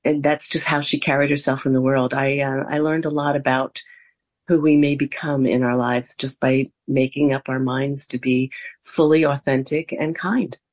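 Older American woman, interview guest, animated storyteller who acts out quotes. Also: rumbling low, moderate pace. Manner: animated anecdotes with acted-out quotes. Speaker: interview guest, former theme park performer and interviewer.

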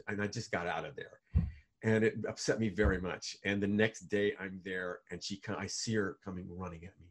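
A man telling stories as a guest in a video call interview, lively, with many restarts and fillers. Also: fairly low pitch, breathy edge. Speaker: guest, author and speaker.

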